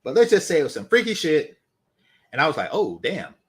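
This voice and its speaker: A man's voice: a little high, sing-song, quick pace. A man hosting a dating commentary channel, talking casually with blunt, dismissive swearing.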